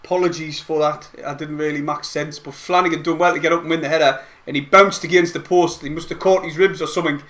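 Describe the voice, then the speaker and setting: A man giving excitable, rambling play-by-play of a match from home, as host of a fan watch-along. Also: on the high side, fast talker, few pauses. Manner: excitable, rambling fan commentary with mild swearing. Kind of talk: casual live play-by-play commentary. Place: at home, not at the stadium.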